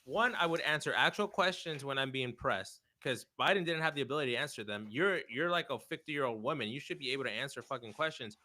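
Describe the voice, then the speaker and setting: A man's voice: medium pitch, expressive, fast talker, hardly any pauses, bright, forceful tone, poor audio. A young man co-hosting a casual political chat, blunt and profane, who peppers his talk with "bro" as he gets worked up. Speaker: podcast co-host.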